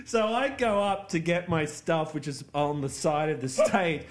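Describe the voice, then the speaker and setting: A middle-aged man in casual storytelling, animated and acting out the voices in his anecdote. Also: fairly high pitch, measured pace. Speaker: guest.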